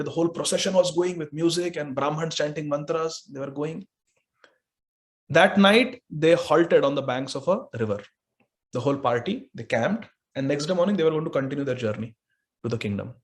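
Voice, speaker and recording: A man with an Indian English accent, a spiritual teacher telling a scripture story in an animated way, dropping Hindi phrases. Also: fairly high pitch.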